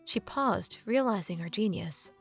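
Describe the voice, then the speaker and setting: A woman's voice: mid-range voice, lively intonation, unhurried, breathy edge, soft background music. A woman narrating a fantasy novel as an audiobook reader.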